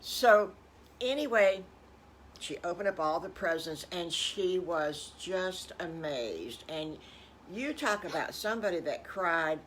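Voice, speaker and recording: An older woman improvises a children's story, speaking very slowly in a somewhat low voice. She is folksy and breaks off for chuckling asides to her young listeners. A faint hiss sits under the voice. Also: animated, fairly bright tone.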